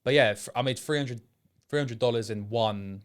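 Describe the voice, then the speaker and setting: A man's voice: mid-range voice, moderate pace, smooth. A young man from England, a former apprentice, answering interview questions casually and hesitantly, often trailing off and restarting. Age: young adult. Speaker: interview guest, sales setter.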